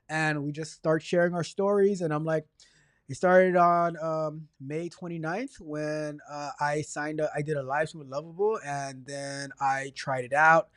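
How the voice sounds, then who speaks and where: A man hosting a casual livestream, chatty and energetic, rambling along and stumbling over repeated words. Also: fairly high pitch, unhurried, clear, resonant tone, no echo, studio quality. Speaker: livestream host.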